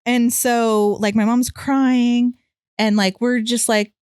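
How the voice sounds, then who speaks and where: A woman's voice: fairly high pitch, little pitch movement, slow, darkish tone, clear, resonant tone, dry recording, clean studio sound. A young woman co-hosting a podcast, telling a long personal story in casual chat, full of "like" fillers and swearing. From California. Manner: rambling, many "like" fillers, swears freely. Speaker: podcast co-host.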